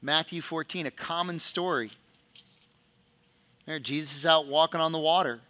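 Male pastor, sermon delivery, bright tone, slightly high voice, reads scripture and asks questions. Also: normal speed.

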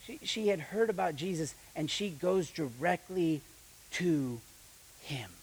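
A young man preaching a sermon with animated delivery, reading scripture and acting out the quoted voices, often repeating his words. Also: fairly high pitch, slow, pauses often, slightly rough, low-quality recording. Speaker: pastor.

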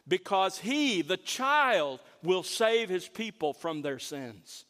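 Slowing down to drive home key words, a pastor delivers an earnest, animated sermon in a fairly bright voice pitched slightly above the typical man's. The sound reverberates with a long echo, as though in a large hall.

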